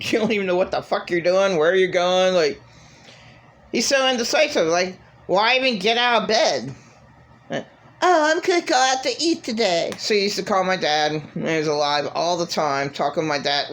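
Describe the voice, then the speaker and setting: A woman's voice: fairly low pitch, fairly bright tone. A woman vlogging in a rambling, profane monologue, venting with raw emotion. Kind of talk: casual monologue.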